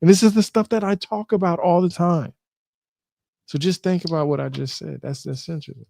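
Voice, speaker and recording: A man talks on a live stream in a casual, animated way, circling back and repeating his points. His voice sits a little high for a man yet sounds dark and mellow. It is recorded close and dry, with no room around it. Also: brisk, vocal fry, dry recording. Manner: animated, repeats himself, jokes and swears casually. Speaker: host. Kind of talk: casual live-stream talk reading from a book.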